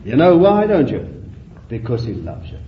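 A male preacher delivering an impassioned sermon that rises and falls, with drawn-out phrases. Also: mid-range voice, big pitch swings, slight background noise. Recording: roomy, dull lo-fi recording.

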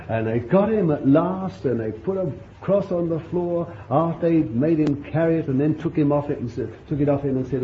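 A man preaching a sermon, telling the story vividly and swinging between loud appeals and hushed asides. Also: a little high, lively intonation, normal speed, hardly any pauses, a little hiss or hum. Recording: echoey dull room recording.

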